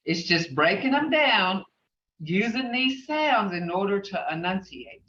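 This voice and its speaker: A middle-aged woman teaching a language class, repeating words slowly and spelling out their sounds. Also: medium pitch, big pitch swings, fairly bright tone. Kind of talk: slow, patient classroom teaching. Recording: far, roomy, dull, faintly noisy classroom recording.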